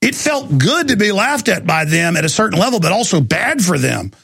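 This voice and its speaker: A man's voice: sits high, big pitch swings, brisk, creaky, fairly bright tone, husky, no room sound, studio quality. A man hosting a radio talk show, rambling through a long digressive rant before taking calls. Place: radio studio.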